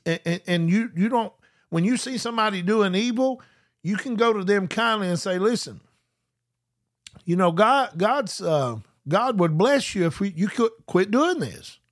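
A man preaching a live-streamed sermon, reading scripture slowly with emphasis and often repeating himself as he restarts sentences. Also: high voice, animated. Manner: slows down to read scripture with emphasis.

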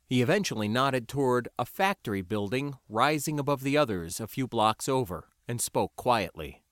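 An audiobook narrator reads a first-person adventure story in a wry, lively way at a moderate pace, his pitch shifting a great deal. The recording is close and dry, with no room sound or echo.

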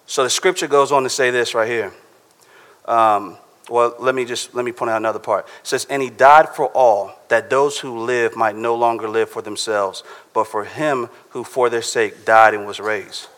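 A man delivers a sermon in a relaxed, conversational way and keeps checking in with his listeners. His voice sits at an ordinary middle pitch. A long reverb trails after his words, as in a church hall. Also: normal speed. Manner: casual, conversational preaching with frequent "right?". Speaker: preacher.

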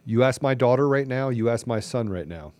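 A middle-aged man hosting a podcast speaks a little fast in an expressive, mid-range voice, with no echo in the recording. His monologue is preachy and impassioned, full of repeated rhetorical questions that rise almost to shouting.

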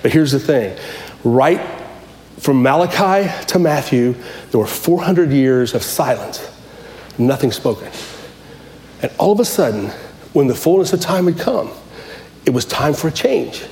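A man's voice: a little high, animated, measured pace, pauses often, a little mellow, reverberant, a little hiss or hum. A man preaching a sermon as pastor, impassioned and repetitive, often restarting his phrases.

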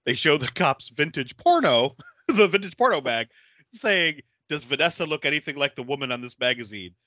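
A man's voice: on the high side, animated, moderate pace, bright, forceful tone, dry recording, dull audio. A man casually recapping a film plot, laughing often and acting out characters' lines. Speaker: podcast host recapping a film. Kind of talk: casual movie recap chat.

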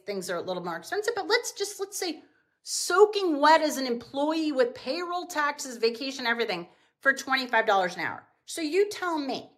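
Animated high-voiced businesswoman telling stories. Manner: animated, acts out quotes with big pitch jumps. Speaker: podcast guest, business owner. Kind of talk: casual storytelling in an interview.

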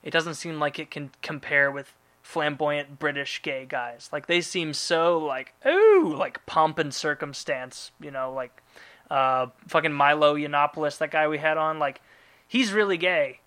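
A male podcast host rambles through listener mail in loose, profane casual chat. His voice is very bright and sits a little high. He loops back on his thoughts with a lot of filler. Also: fairly even intonation, measured pace, clean tone.

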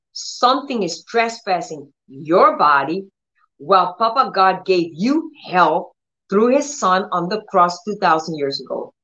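A woman's voice: fairly low pitch, a bit bright, dull audio. Emphatic woman preaching divine healing. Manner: emphatic, commanding, repeats words, acts out prayers. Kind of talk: charismatic healing sermon.

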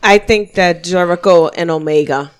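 A woman's voice: on the low side, normal speed, smooth. A woman co-hosting a casual podcast, teasing and offhand. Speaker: podcast co-host.

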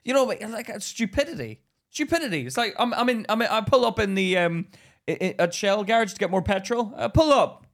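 A man's voice: high-pitched, animated, brisk, gravelly, a bit bright. A young man from Northern Ireland with a Northern Irish accent, co-hosting a podcast and ranting bluntly with heavy swearing. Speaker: podcast co-host. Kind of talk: casual banter.

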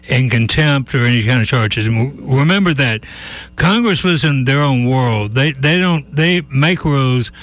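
A man's voice: medium pitch, fairly bright tone. A man hosting a call-in radio show, chatty and folksy, with many restarts. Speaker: radio talk show host.

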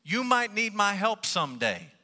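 Guy doing a squeaky little mouse begging, high and bright, hall echo. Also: sing-song, normal speed, exaggerated voice. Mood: pleading. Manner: pleading, earnest. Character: small pleading male mouse.

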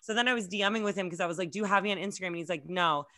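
A woman's voice: mid-range voice, pushed and bright, no room sound, clean studio sound. A young woman on a podcast, rambling through anecdotes and acting out what others said. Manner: rambling storyteller, fast anecdotes with quoted voices. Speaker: podcast guest. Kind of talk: casual podcast chat. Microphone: remote video call.

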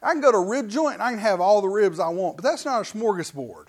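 A man's voice: high voice, fast talker. A man preaching a sermon, telling stories and acting out voices. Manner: animated storytelling preacher, acts out voices. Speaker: pastor.

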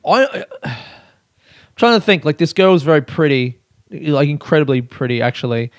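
A man's voice: fairly high pitch, animated, moderate pace, dry recording. A young man hosting a casual solo podcast, rambling and self-mocking, swearing often and laughing at himself. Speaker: podcast host.

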